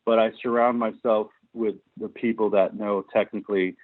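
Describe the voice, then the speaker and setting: A man's voice: fairly low pitch, flat delivery, moderate pace, no echo. A man as a filmmaker guest in an interview, telling long, passionate stories about his work. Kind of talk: interview storytelling. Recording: tinny dry phone-like line.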